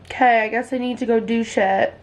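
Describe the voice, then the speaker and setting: Young woman vlogger, sick, casual sweary chatter, slightly high voice, faint room hum. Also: steady tone, a little fast. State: sick and congested. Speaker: lifestyle vlogger. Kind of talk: casual vlog chat. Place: at home indoors.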